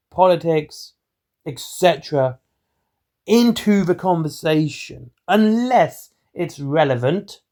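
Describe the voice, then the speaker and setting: A man, hosting his own hobby channel in a monotone, rambling way of talking. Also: fairly high pitch. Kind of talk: rambling solo commentary.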